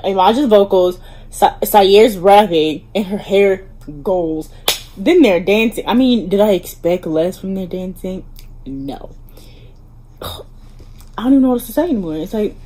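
A woman's voice: mid-range voice, warm tone, a little hiss or hum. A woman hosting a casual music video reaction, gushing with enthusiasm and asking viewers to like and subscribe. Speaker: YouTube reaction host.

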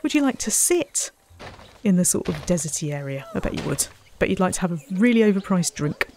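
A woman's voice: on the low side, big pitch swings, brisk, a little mellow, slight background noise. Chatty woman playing a zoo game. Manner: chatty, self-mocking, talks to the animals and visitors. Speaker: let's play host. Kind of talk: casual gameplay commentary.

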